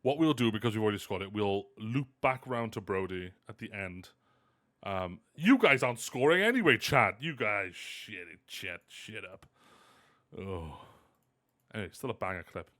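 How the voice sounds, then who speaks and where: A man hosting a casual live stream, animated and self-mocking, often laughing. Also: fairly low pitch, normal speed. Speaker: host.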